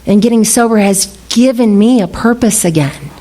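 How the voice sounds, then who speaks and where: A woman's voice: on the high side, normal speed, dark tone. A middle-aged woman speaking at a recovery meeting, candid and laughing often as she tells her story. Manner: candid, laughing, swearing freely. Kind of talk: personal recovery talk. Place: meeting room.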